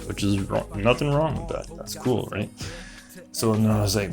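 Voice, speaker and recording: A man presenting memes in a comedic, rambling conspiracy monologue, deadpan and full of asides. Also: lowish voice, normal speed, creaky, over music.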